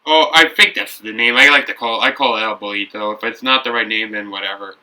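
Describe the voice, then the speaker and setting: A man's voice: fairly low pitch, brisk, pushed and bright, far from the mic, poor audio. A young man hosting a building video, chatting casually and rambling with frequent restarts and self-corrections. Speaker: brick builder and video host. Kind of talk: casual talk while building.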